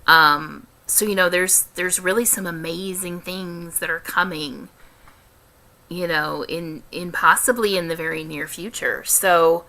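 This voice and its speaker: A young woman with a light Midwestern American accent talks through a casual question-and-answer vlog, taking her time and choosing her words with care. Her voice sits a little low yet sounds bright and forward, and she pauses and restarts often as she thinks aloud. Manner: careful, deliberate diction with frequent ums and restarts. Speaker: vlogger.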